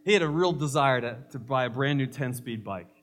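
A man's voice: mid-range voice, lively intonation, a little fast, fairly bright tone. A male pastor preaching a sermon, emphatic, mixing scripture with humorous stories.

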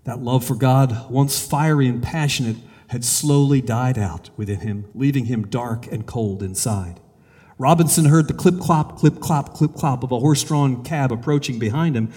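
A man preaching a sermon, telling a story in a measured, earnest way and leading a prayer. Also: on the high side, dark tone, big-room sound.

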